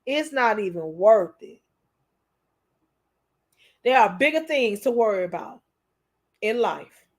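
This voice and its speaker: Emotional, preachy high-voiced woman. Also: lively intonation, takes it slowly. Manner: preachy, repeats herself, calls listeners honey. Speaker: commentator. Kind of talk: emotional commentary.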